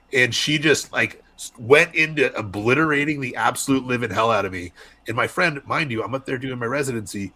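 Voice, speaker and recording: A young man from Arizona, a wrestler, chatting candidly as a podcast guest and telling lively stories. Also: medium pitch, brisk. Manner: candid storyteller, animated voices in anecdotes. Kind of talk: casual podcast interview.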